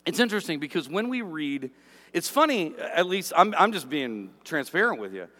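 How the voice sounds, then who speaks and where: High-voiced pastor guy preaching, swings all over in pitch, long echo of a big hall. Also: normal speed. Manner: animated, acts out grumbling workers in asides. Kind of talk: sermon.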